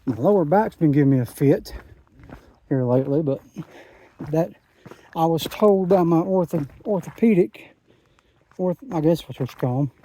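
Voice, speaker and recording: A man's voice: fairly high pitch, animated, moderate pace, long pauses, warm tone. A man, talking in a rambling, enthusiastic way into his phone while out hiking a mountain trail. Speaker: hiking vlogger. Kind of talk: casual trail vlog. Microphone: phone camera.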